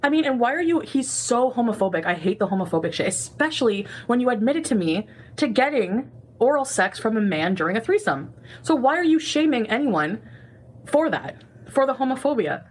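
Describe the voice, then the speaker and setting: A woman's voice: fairly high pitch, a little hiss or hum, rough recording. A woman hosting a reaction commentary channel, talking in a heated, indignant, blunt way.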